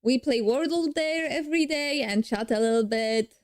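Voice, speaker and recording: A woman's voice: high voice, moderate pace, darkish tone. A young woman with a Polish accent, a streamer casually reacting and thinking aloud with frequent restarts.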